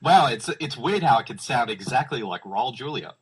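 A man's voice: medium pitch, lively intonation, moderate pace, low-quality recording. An Australian man hosting a casual podcast chat, introducing guests with jokes and laughter. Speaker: podcast host.

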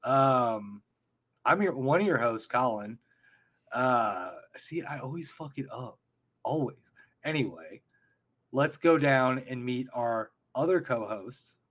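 A man's voice: medium pitch, animated, slow pace, a bit bright. American man fumbling a podcast intro. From United States. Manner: self-deprecating, laughs at his own fumbles. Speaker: podcast co-host. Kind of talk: casual podcast banter.

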